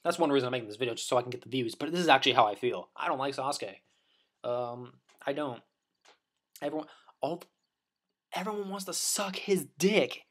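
A man's voice: medium pitch, animated, brisk, pauses often, a bit bright. A man delivering a rambling, profane opinion rant as a vlogger, full of restarts and blunt insults.

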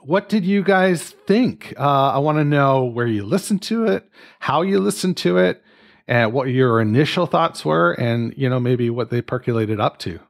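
A man's voice: mid-range voice, lively intonation, moderate pace, creaky. A man from Canada hosting a casual music podcast, chatty and jokey as he leads his friends through the discussion. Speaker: podcast host.

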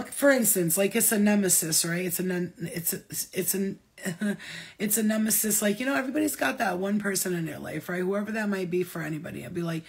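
A woman talking as a spiritual medium in a casual vlog, rambling, excitable and full of swearing. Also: lowish voice, vocal fry, breathy edge.

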